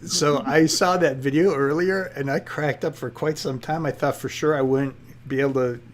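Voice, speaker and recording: A man co-hosting a business talk show, friendly and quick to laugh. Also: mid-range voice, steady tone. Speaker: co-host. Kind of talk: casual interview talk.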